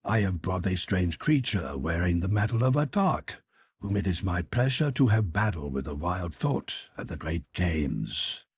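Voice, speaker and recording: A man's voice: sits low, expressive, a little slow, slightly rough, pitched below the performer's own voice, exaggerated voice. A man voicing a scarred, menacing old green Martian warlord who roars his threats in an audiobook. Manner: loud, menacing and roaring.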